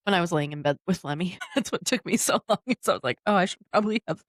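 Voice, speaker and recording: A woman hosts a relaxed podcast conversation. She laughs easily and tells her stories with animated energy. The sound is dry and close, with no room echo. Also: fairly low pitch, quick pace. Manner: giggly, animated storyteller. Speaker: podcast host. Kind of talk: casual chat.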